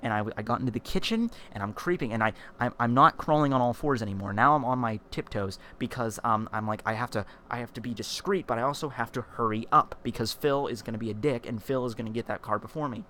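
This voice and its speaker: A man's voice: mid-range voice, quick pace, hardly any pauses, a little hiss or hum. Man telling a rambling childhood story. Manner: animated, rambling, with frequent fillers and restarts. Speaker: vlogger. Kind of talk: casual storytelling vlog.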